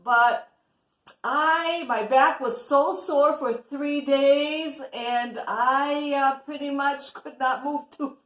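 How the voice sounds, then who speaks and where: A woman in her sixties walks viewers through her makeup in an easy, homely way. Her voice sits fairly high and she takes her time. Each step is explained as she goes. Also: fairly even intonation, slow, a bit bright. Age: 60s. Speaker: show host doing a makeup tutorial. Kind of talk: casual makeup demonstration chat.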